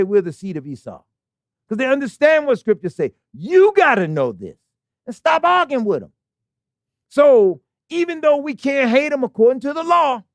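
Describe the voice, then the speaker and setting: Emphatic high-voiced male preacher, dry sound. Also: no room sound. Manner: emphatic, conversational preaching with rhetorical questions. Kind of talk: fiery sermon. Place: assembly hall in Baltimore.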